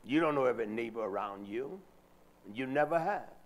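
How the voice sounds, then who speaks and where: A man's voice: mid-range voice, lively intonation, fairly quick. A male preacher giving an impassioned Sabbath sermon, emphatic and full of filler sounds as he drives his points home.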